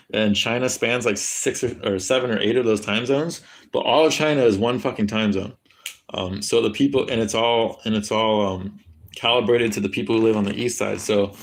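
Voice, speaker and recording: A young American man chatting casually on a livestream, rambling and crude as he answers his chat. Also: mid-range voice. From United States. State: high.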